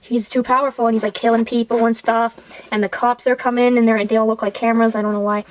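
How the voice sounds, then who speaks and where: A woman's voice: on the high side, flat delivery, fast, low-quality recording. A woman casually retelling a film's plot while drawing, in a rambling, irreverent way full of fillers. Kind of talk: rambling casual film recap.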